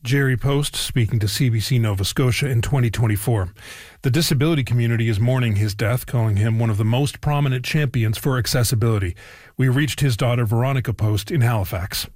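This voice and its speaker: A man presenting a news story in a measured, scripted delivery. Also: mid-range voice, darkish tone, no echo, studio quality.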